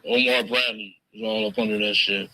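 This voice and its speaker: A man's voice: on the low side, fairly even intonation, moderate pace, bright, forceful tone, poor audio. A man interviewed in a recording, telling stories casually in profane, slangy language. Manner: laid-back, profane, slangy. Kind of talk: casual storytelling.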